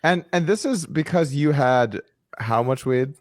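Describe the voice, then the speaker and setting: A man's voice: mid-range voice, expressive, a little slow, dry recording, clean studio sound. A man co-hosting a podcast, teasing and wry in casual chat. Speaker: podcast co-host.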